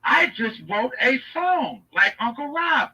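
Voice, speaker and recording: A man voicing a smug jailed man who fishes for praise, with slow, mournful crooning. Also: very high-pitched, animated, pushed and bright, slightly rough, recorded from a distance, heavily acted, low-quality recording.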